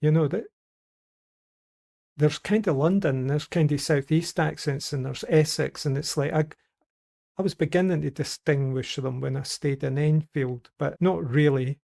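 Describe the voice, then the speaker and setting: A man's voice: a little high, normal speed, gravelly, darkish tone. A Scottish man chatting casually on a podcast, telling rambling anecdotes. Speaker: podcast regular. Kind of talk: casual group chat.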